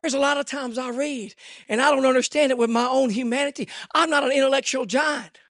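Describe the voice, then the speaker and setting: A man with a high, ringing, bright voice delivers a fiery sermon. He surges into shouted declarations, then pulls back into soft, confiding asides. The voice is close and dry, with no room around it. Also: steady tone, brisk, no echo. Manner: swings between shouted fervor and hushed, intimate asides. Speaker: preacher. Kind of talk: impassioned sermon.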